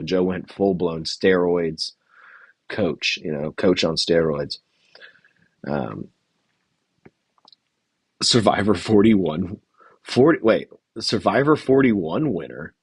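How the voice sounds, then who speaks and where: A man's voice: low-pitched, lively intonation, slow pace, long pauses, breathy edge, no echo. A man hosting a casual livestream recap, rambling and chatty as he reads from his notes and greets the chat. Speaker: podcast host recapping a reality show.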